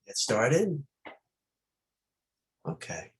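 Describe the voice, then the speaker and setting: Meditation teacher, male, mid-range voice, reflective questioning delivery with pauses. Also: medium pitch, wildly swooping pitch, poor audio. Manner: reflective, asking many gentle questions, with pauses. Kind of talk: meditation dharma talk.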